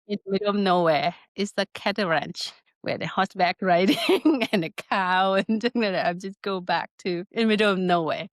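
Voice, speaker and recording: A middle-aged woman with a Thai accent, a spa business founder telling her story in an interview in lively, broken English. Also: mid-range voice, brisk, hardly any pauses, no room sound, studio quality. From Northern Thailand. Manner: animated storytelling with broken English, laughs often.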